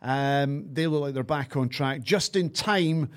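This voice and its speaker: A man's voice: fairly high pitch, a little slow. Scottish man presenting a podcast. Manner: steady presenter, reads sponsor lines. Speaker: podcast host. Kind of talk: podcast hosting.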